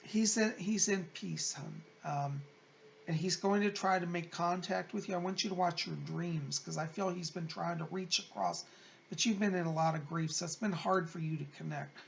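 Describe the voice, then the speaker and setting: A man working as a psychic medium, reading viewer letters aloud and passing on spirit messages in a gentle, consoling, chatty way. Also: sits high, moderate pace, gravelly, slight background noise. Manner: gentle, consoling, chatty, calls listeners "hon".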